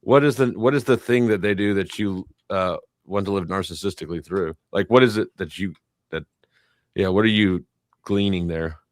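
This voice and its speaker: Brief: man panelist, low voice, dry close sound, blunt and rambling. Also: normal speed, no echo. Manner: blunt, profane, rambling restarts. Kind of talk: casual panel chat.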